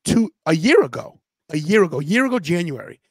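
Podcast host, male, high-pitched, chatty storyteller; dry close mic. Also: fast talker, breathy edge, no room sound. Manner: animated storyteller, quotes friends in a loose slangy way. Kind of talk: casual watch-party chat.

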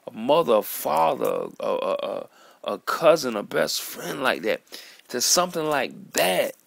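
A man in an earnest, halting vlog monologue, sitting at home at his computer. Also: medium pitch, big pitch swings, creaky, no echo. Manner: earnest, halting, repeats words and calls listener "man". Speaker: vlogger. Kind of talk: emotional monologue to camera.

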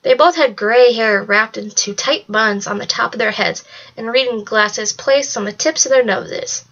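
A woman's voice: fairly high pitch, normal speed, a bit bright. A woman reading a novel aloud in a plain way, with some stumbles. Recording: dull lo-fi recording.

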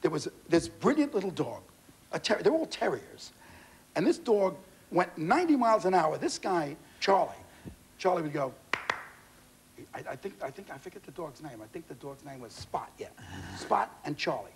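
A man in his sixties, a guest comedian on a TV talk show, telling stories with animated delivery and put-on voices. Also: fairly high pitch, moderate pace, creaky, slight background noise. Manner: animated, shouting punchlines, mimicking voices. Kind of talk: comic storytelling on a talk show. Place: TV studio with audience.

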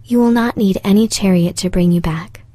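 A woman voicing a sorrowful, gentle male beast in a breathy whisper, as whispered role-play. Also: medium pitch, brisk, no room sound, lightly acted. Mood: pleading.

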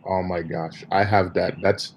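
Guy in a car passenger seat, kinda low voice, easygoing, reading out chat. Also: level tone, a little slow. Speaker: passenger and co-host. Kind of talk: casual chat, relaying the live chat. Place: car on the road.

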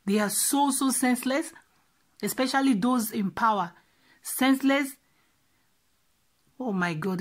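Woman vlogger, husky and breathy, upset and repetitive news commentary. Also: mid-range voice, unhurried, pauses often.

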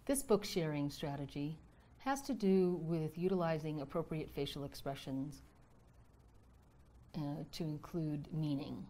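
A woman educator calmly explaining a reading strategy, step by step with examples. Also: deep voice. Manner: measured, explanatory, with acted example lines. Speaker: educator presenting a literacy strategy. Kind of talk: instructional explanation.

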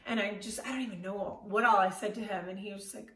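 A woman in her thirties giving a personal storytelling talk, candid and animated, with self-deprecating humor and casual fillers. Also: medium pitch, fast. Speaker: motivational speaker. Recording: roomy echo, voice from far off the mic.

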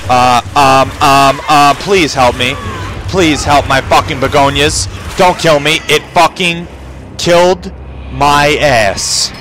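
A man commentating a video game playthrough, swearing constantly and shouting when panicked. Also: a little high, slow pace, slight background noise. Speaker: gamer. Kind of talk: profane let's-play commentary. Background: game music and sound effects.

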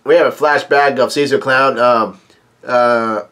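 A man casually reading through a comic chapter, with halting, stop-and-start delivery. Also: medium pitch, fairly even intonation, fairly bright tone, clear, resonant tone. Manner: halting, many restarts and fillers. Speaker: comic reader and YouTube reviewer.

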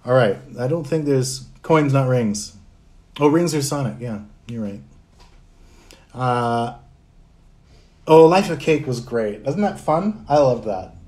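A man's voice: mid-range voice, expressive, slow pace, pauses often, darkish tone. Easygoing man chatting on a livestream. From Canada. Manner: easygoing, chuckles often, reads chat aloud. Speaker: voice actor hosting a fan livestream. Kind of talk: casual livestream chat answering fan questions.

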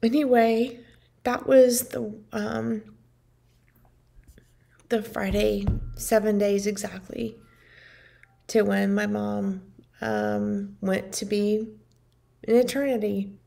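A woman's voice: mid-range voice, level tone, takes it slowly, creaky, pauses often, dark tone. A woman vlogger earnestly telling a personal story to her viewers, emotional and full of "like" and "you know". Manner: earnest, emotional, heavy use of "like". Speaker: vlogger and family caregiver.

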